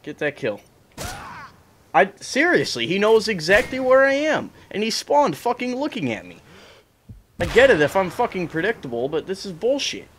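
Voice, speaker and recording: Ranting young man gaming, lively pitch. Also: moderate pace, slight background noise. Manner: swearing, ranting, frustrated. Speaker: gaming streamer. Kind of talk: angry gameplay commentary.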